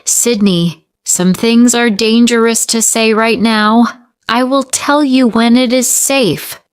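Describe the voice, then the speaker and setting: A woman's voice: fairly high pitch, steady tone, takes it slowly, smooth, no room sound, clean studio sound, voice pushed up. A woman voicing a worried, secretive mother who speaks in protective, pleading tones. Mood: urgent pleading.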